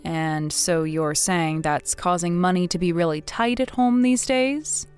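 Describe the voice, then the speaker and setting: A woman playing a blunt, widowed older mother who scolds her grown son in a measured, firm way, in a scripted text-message drama. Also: lowish voice, clear, resonant tone, faint music behind, close to an everyday voice. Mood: calm.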